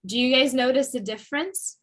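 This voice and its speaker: A woman teaching English pronunciation in a class, slow and patient, modeling sounds over and over for her students. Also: high voice, a bit bright, rough recording. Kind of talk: online class lesson.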